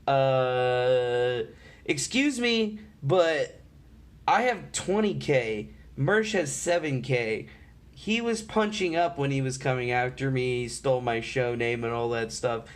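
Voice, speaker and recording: A man's voice: medium pitch, lively intonation, slow pace. A man hosting an online show, complaining in an indignant, sarcastic way. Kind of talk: complaining commentary.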